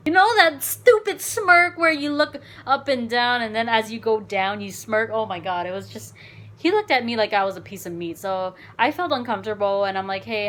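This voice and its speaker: A woman vlogger telling a dating story in a casual, animated, frank way, swearing and saying "like" a lot. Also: on the high side, slight background noise.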